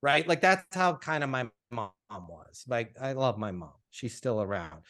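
A man, a sales coach being interviewed, telling stories in a casual, animated way and acting out the dialogue. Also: mid-range voice, measured pace. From Colorado, USA.

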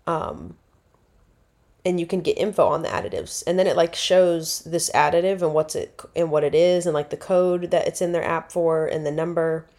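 A woman's voice: sits low, moderate pace, darkish tone. A woman, hosting a casual solo podcast and rambling chattily, correcting herself as she goes. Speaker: podcast host.

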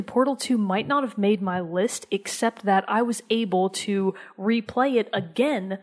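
A woman's voice: medium pitch, takes it slowly. A woman co-hosting a podcast, chatting casually and with enthusiasm, sometimes dropping to a near-whisper for emphasis. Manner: enthusiastic, conversational, drops to a soft whisper for emphasis. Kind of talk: casual chat.

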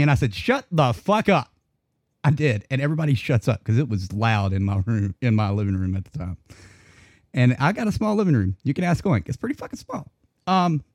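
A man's voice: mid-range voice, dry recording. Guy cohosting a podcast, swears a lot, laughs thru his stories, dry close sound. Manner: animated, profane, laughing storyteller. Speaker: podcast co-host. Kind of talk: casual chat storytelling.

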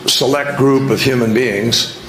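A man addresses a forum panel in a measured, deliberate way, leaning on repetition to press his point. The recording is roomy, with the voice echoing around a large conference hall and a faint hum underneath. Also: medium pitch, steady tone. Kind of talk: public speech on a panel.

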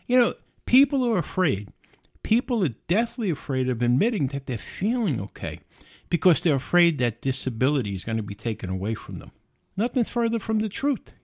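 A middle-aged podcast host delivers a blunt, casual monologue in a voice on the high side, often repeating and restarting words. The recording is studio quality with no echo.

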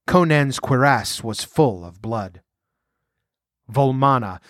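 Man narrating an action book, measured and vivid, no room echo at all. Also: medium pitch, clean studio sound. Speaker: audiobook narrator. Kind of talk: dramatic audiobook narration.

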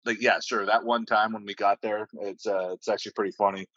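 Low-voiced profane sailor telling stories. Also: male voice, flat delivery, brisk, fairly bright tone, no room sound, muffled recording. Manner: rambling, profane, many fillers and restarts. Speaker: podcast guest, navy sailor. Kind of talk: casual storytelling.

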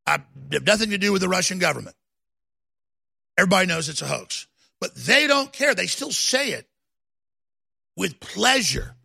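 Guy ranting on his show, super gravelly and harsh, high voice that swings all over. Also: expressive, moderate pace, pauses often. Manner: combative, escalates into shouting. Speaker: talk show host. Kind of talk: heated political rant.

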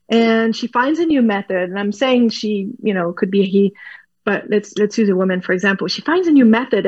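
A woman's voice: medium pitch, no room sound, muffled recording. A woman guest in an interview, explaining animatedly, laughing often and restarting words as she goes. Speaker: guest expert.

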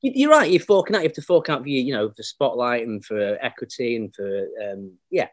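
A man's voice: medium pitch, lively intonation, brisk, no echo. Chatty man telling stories. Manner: chatty anecdotal storyteller, slips into voices for people he quotes. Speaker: actor and comedian guest. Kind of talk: casual podcast chat.

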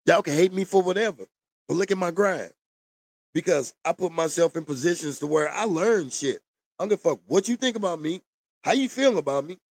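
Man ranting to camera, profane and preachy, high gravelly voice, dry sound. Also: expressive, a little fast, no echo. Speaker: vlogger. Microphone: camera mic.

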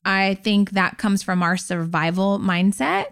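Woman cohosting a podcast, talks real frank and lively, voice jumps up high to make a point. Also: a little slow, smooth. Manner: frank, animated, rising to high pitch for emphasis. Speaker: podcast co-host. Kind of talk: casual podcast chat.

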